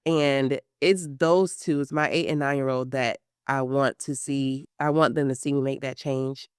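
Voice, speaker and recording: A woman's voice: rumbling low, moderate pace, clear, resonant tone, dry recording, clean studio sound. A woman in her thirties, a guest in an interview, telling a personal story with lots of fillers and acted-out quotes. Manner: animated storytelling, acts out quotes, many fillers. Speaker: guest, pre-surgery patient.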